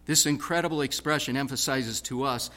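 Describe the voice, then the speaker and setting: A man preaching a sermon in a rhythmic, emphatic way, swinging from loud stress to hushed tones. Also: mid-range voice, fairly quick.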